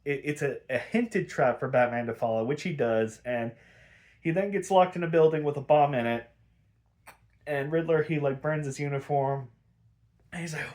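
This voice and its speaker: A man with a slightly higher voice reviews an episode on his own in a loose, casual way. He rants in exasperation, swears freely and trips over plenty of fillers and restarts. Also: a little mellow. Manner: exasperated, swears often, ranting. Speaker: podcast host reviewing episodes.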